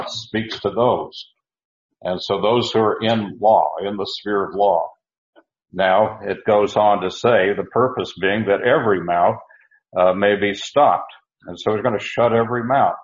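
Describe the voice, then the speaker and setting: A man giving a verse-by-verse Bible teaching, halting and restarting often, slowing down to stress key words. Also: deep voice, dull audio. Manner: halting, with many restarts and uhs.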